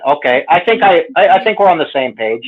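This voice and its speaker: Heated male co-host, higher-pitched, thin phone-line audio, gets worked up. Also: animated, fairly quick. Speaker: co-host of a live hangout show. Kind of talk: casual livestream chat.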